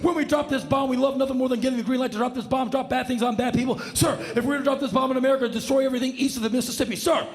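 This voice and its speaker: A man's voice: very high-pitched, fairly even intonation, very fast, hardly any pauses, voice pushed up. A man playing a huge, bald, gung-ho male weapons loader at an air base who bellows every line in drill-sergeant style. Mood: barking zealous. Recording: live stage with long reverb.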